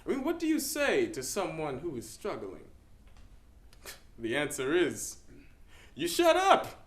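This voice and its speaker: A young man performs a middle-aged pastor facing a fatal illness, his voice rising and falling with lively swings, and a slow, deliberate pace. He moves from wry, half-laughing asides to hushed gravity. The sound rings through a roomy hall. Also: a little high. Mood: reflective. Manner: shifts from wry humor to quiet gravity, with soft laughs. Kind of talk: dramatic interpretation performance. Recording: echoey hall.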